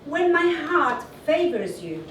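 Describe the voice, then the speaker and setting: A woman reciting a love poem on stage, in a slow and expressive delivery. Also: sits high, very noisy. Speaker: poet. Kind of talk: spoken word performance. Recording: echoey room from far off.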